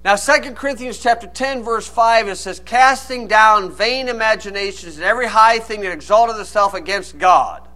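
A man's voice: sits high, normal speed, few pauses, sharp tone. A man preaching a sermon, reading old scripture aloud and then explaining it in plain, folksy asides. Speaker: pastor.

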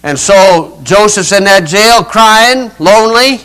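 High-voiced older preacher, folksy storyteller. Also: male voice, animated, takes it slowly, pushed and bright, clear, resonant tone, low-quality recording. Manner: folksy and dramatic, acting out voices with sudden rises and drops. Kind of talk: storytelling sermon.

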